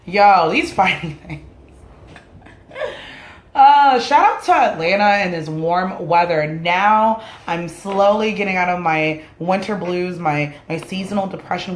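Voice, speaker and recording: A woman's voice: sits low, slight background noise. A woman whose first language is Spanish, ranting her opinions to camera in a blunt, casual way and swearing freely. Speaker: vlogger. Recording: roomy echoey room sound.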